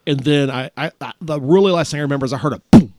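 A man's voice: on the high side, rapid-fire, background noise. A man casually telling a personal story to friends, rambling with restarts.

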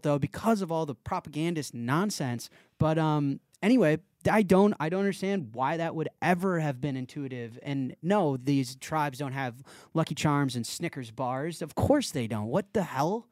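A man's voice: a little high, expressive, normal speed, hardly any pauses, darkish tone, dry recording, studio quality. A man hosting a podcast, talking bluntly and joking in a profane, ranting way. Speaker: podcast host. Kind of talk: casual podcast conversation.

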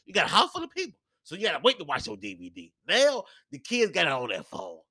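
Animated, bright-voiced man ranting hotly. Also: high voice, fast, husky, dry recording, studio quality. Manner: profane, heated ranting that swings from loud outbursts to mumbled asides. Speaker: podcast host. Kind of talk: comedic solo rant.

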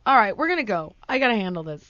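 A woman hosting a podcast, telling a story in casual chat, animated and acting out quotes loudly. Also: mid-range voice, rapid-fire, no room sound, lo-fi sound. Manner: animated, breaks into laughter, acts out quotes loudly. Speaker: podcast host.

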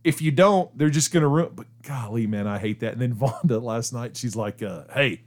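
A man's voice: medium pitch, a little fast, a little mellow. A middle-aged man hosting a radio show, telling a story in casual chat and laughing as he goes. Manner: chatty, laughs through his stories.

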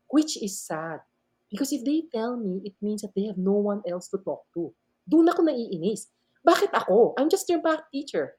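A woman's voice: mid-range voice, warm tone. A woman with a Filipino accent, a professor, telling stories expressively and switching between English and Tagalog. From Philippines. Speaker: professor and guest speaker. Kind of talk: animated storytelling talk.

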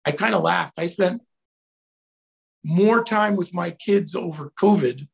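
Middle-aged male guest, gravelly and fairly high, animated storyteller who shouts out his quotes. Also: takes it slowly. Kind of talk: casual storytelling.

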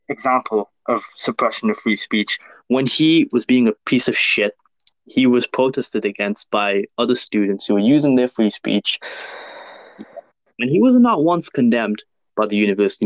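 A man's voice: lowish voice, no room sound, low-quality recording. A man in casual podcast chat, talking heatedly and profanely in long rants.

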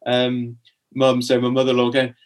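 His medium-pitched voice is completely flat and moves at a normal speed as this young podcast guest rambles about something that happened to him. The talk is casual, riddled with restarts and "like," and he acts out his former remarks.

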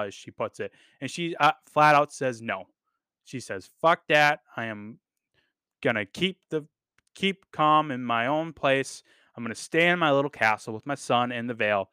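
Podcast guy rambling on, bright crisp voice, dry close sound, lots of ums. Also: mid-range voice, dry recording. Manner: rambling, enthusiastic, many fillers and casual swearing. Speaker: podcast host reviewing a TV series. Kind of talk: casual chat.

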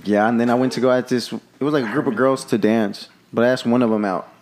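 A laid-back man telling a story about himself, dry and self-mocking. He speaks at a middle pitch, with a faint background hum. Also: steady tone, fast talker. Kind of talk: casual storytelling among friends.

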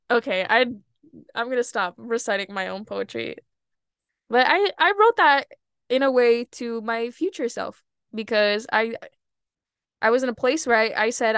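A woman's voice: a little high, normal speed, pauses often, fairly bright tone, clean tone, no echo, clean studio sound. A young woman hosting a personal podcast monologue, talking candidly and animatedly, laughing at herself and breaking into sudden outbursts. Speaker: podcast host.

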